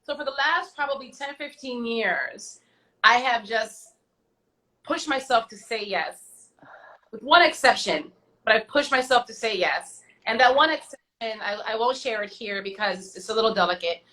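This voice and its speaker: A woman guest on an online show, telling her stories in a lively, chatty way. She acts out the voices of the people in them and drops in slangy asides. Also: fairly high pitch, moderate pace, poor audio. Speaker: guest singer. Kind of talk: casual storytelling. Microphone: video call.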